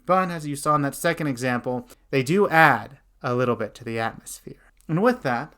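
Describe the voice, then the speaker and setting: A young man as host and dungeon master, giving an animated lesson on character voices and demonstrating them. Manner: animated, shifts pitch and loudness to demonstrate voices. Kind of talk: instructional talk with voice demonstrations.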